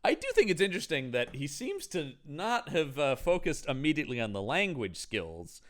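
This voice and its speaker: A man co-hosting a podcast, chatting about a movie in a playful, animated way, often laughing. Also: fairly high pitch, normal speed, no echo. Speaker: podcast co-host. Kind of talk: casual movie recap chat.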